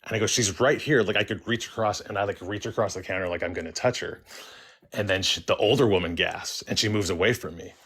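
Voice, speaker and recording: A young man casually telling a first-person story as a caller, halting and restarting with many likes and ums. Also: sits low, a bit bright.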